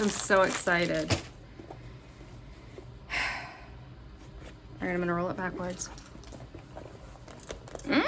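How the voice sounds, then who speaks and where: A woman vlogger chatting casually to her viewers in a gushing, excitable way, often gasping. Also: mid-range voice, slow, long pauses, slight background noise. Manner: gushing and excitable, with frequent gasps. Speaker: crafting vlogger. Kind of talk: casual vlog chat.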